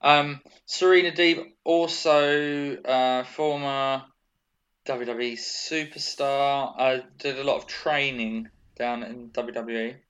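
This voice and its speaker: A man co-hosting a casual wrestling podcast, chatty and rambling with quick asides. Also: mid-range voice, fairly even intonation, a bit bright, clear, resonant tone. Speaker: podcast co-host. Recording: dull lo-fi sound.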